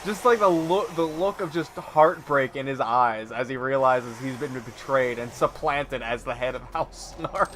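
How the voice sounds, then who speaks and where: A man's voice: mid-range voice, unhurried, hardly any pauses, fairly bright tone, a little hiss or hum. A man co-hosting a gaming show, casually telling a long story and often laughing mid-sentence. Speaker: co-host playing a video game.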